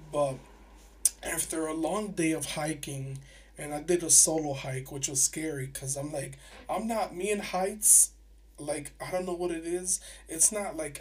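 A young man hosting a podcast, telling stories in a chatty, animated way with lots of fillers and restarts. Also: fairly high pitch. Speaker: podcast host. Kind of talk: casual solo podcast storytelling. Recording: voice a bit distant from the mic.

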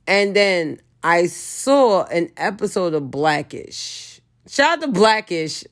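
A woman's voice: lowish voice, sing-song, takes it slowly. A woman talking in a blunt, profane, emphatic casual monologue.

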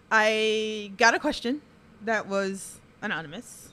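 A woman's voice: medium pitch, takes it slowly, fairly bright tone. A woman hosting a casual podcast, giggling often and reading out questions from the chat. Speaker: podcast host.

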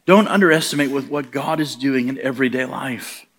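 Middle-aged male preacher, mid-pitched voice, punchy storytelling delivery. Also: fairly quick, a bit bright. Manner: storytelling preacher, acts out quoted voices, rising emphatic punches. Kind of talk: sermon.

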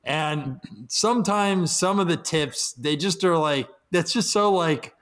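A man's voice: a little high, takes it slowly, a bit bright. A man in casual podcast chat, sarcastic, mocking advice with put-on quotes.

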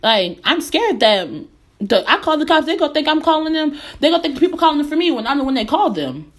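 A woman's voice: sits high, sing-song, fast talker. A young American woman hosting her own podcast, speaking with earnest emphasis and repeating phrases to drive her points home. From United States. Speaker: podcast host. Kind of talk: impassioned personal commentary.

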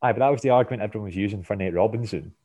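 A man's voice: fairly low pitch, rapid-fire, mellow. A man guesting on a podcast, chatting about sports casually, often stumbling and repeating words as he thinks. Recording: dull lo-fi podcast mic.

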